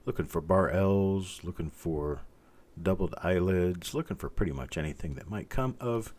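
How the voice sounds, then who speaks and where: A middle-aged man hosting a live stream, calmly and methodically talking through each coin and greeting viewers by name. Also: deep voice, normal speed, a little hiss or hum. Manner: calm, methodical, talks while inspecting coins, greets viewers by name. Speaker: host.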